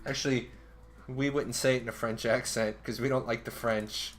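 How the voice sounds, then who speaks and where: A man's voice: mid-range voice, fairly even intonation, normal speed, a bit bright. A man from the United States streaming a video game, rambling casually with frequent swearing and laughter. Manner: rambling, profane, laughs often. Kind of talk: casual gameplay commentary. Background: game music and keyboard typing.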